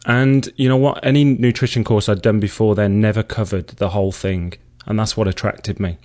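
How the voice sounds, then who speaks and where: A man's voice: lowish voice, fairly even intonation, moderate pace, mellow. A man in his thirties from England with an English accent, talking enthusiastically and earnestly as a guest in an interview, still a bit out of breath. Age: 30s. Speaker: guest, personal trainer.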